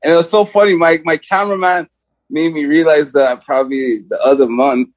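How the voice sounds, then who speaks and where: A young man speaking as a guest rapper in a casual interview, with a voice that sits a touch high. He rambles, stacks up filler words and laughs easily. The recording is dry and close. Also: steady tone, brisk, no echo. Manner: rambling, lots of "like" and "you know", laughs easily.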